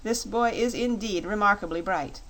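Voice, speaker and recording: A woman voicing a pompous, vain male fox king in a storybook, flattering and lecturing. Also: mid-range voice, normal speed, lightly acted, poor audio. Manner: flattering, self-satisfied, lecturing.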